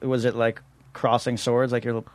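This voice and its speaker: A man's voice: medium pitch, level tone, moderate pace. A man co-hosting a podcast, teasing the guest with wisecracks in casual chat. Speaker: podcast co-host.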